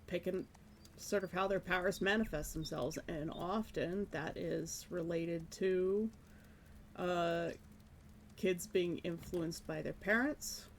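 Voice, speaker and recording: A woman's voice: on the low side, steady tone, slow pace, long pauses, slight background noise. A woman streaming live, chatting casually while she draws, musing and self-deprecating about her work. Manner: musing, self-deprecating, breaks into light laughs.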